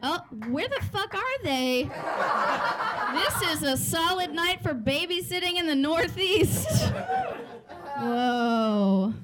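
A woman's voice: high-pitched, sing-song, slow pace, over a noisy crowd. A woman in her thirties doing a stand-up comedy set in a club, chatty and sardonic, laughing through her lines. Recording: noisy live club recording.

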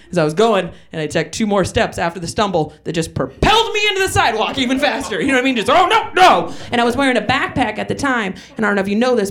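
A queer woman doing a rambling, profane stand-up set, laughing at her own jokes. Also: mid-range voice. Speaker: stand-up comedian. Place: comedy club stage with live audience. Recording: loud crowd in club. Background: audience laughing.

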